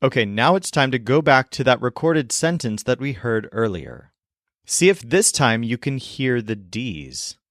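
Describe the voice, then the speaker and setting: A man teaching in a language lesson video, explaining clearly and modeling sounds slowly. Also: medium pitch, big pitch swings, a bit bright, no room sound, studio quality. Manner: clear, demonstrative, slows to model pronunciation.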